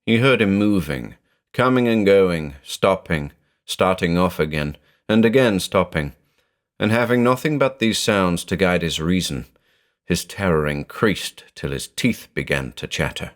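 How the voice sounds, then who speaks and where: A man narrating a horror story in a dramatic, expressive reading style. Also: low voice, unhurried.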